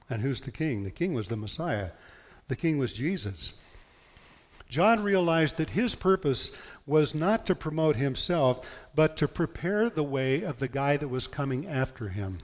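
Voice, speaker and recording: A man's voice: fairly high pitch, lively intonation, a little slow. A male pastor preaching a sermon, reading scripture aloud in an earnest, emphatic way. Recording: long hall reverb.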